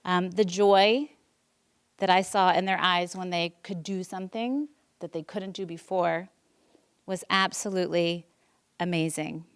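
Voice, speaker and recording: In a public meeting room, a teacher in her forties gives an emotional personal presentation to the school board, earnest and full of ums and restarts. Her voice is on the low side, steady and unhurried, with a clean tone.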